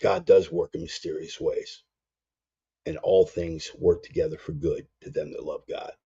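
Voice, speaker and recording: Gruff preacher man, dark lo-fi. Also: deep voice, big pitch swings, moderate pace. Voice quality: gruff, blunt and slangy. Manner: emphatic, drawls some phrases. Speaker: preacher and show host. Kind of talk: casual spoken sermon. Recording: dull lo-fi sound.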